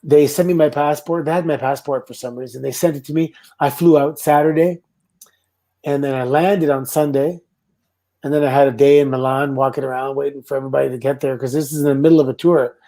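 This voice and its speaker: A middle-aged man from Canada, a former wrestler, telling stories in a relaxed, casual interview. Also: medium pitch, fairly quick. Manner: relaxed anecdotal storytelling with laughs and quoted voices. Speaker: guest, former pro wrestler.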